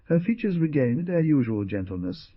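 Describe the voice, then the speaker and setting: A man's voice: moderate pace, dry recording, phone-quality sound. A man narrating a classic western novel as an audiobook, telling it expressively. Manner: expressive storytelling with wide pitch swings. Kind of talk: scripted narration.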